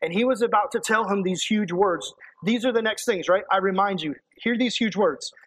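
A man preaching a sermon, animated, acting out quotes and dropping to a hushed, intense voice. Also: high-pitched, moderate pace, breathy edge, poor audio.

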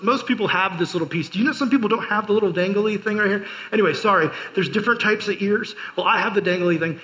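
A man's voice: sits high, sharp tone, rough recording. A man preaching a casual youth sermon, chatty and storytelling, full of fillers and joking asides. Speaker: youth pastor.

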